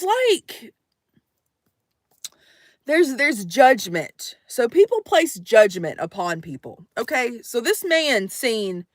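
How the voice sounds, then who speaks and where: A woman telling a story to her live audience in a casual, animated way, swearing and acting out the voices in it. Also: high-pitched, dry recording, clean studio sound.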